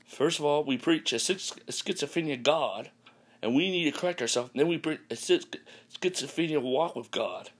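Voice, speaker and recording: A man preaching a podcast sermon, repeating lines and dropping in hallelujahs and amens, often halting with ums and restarts. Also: fairly high pitch, animated, husky. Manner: repetitive, peppered with hallelujahs and amens.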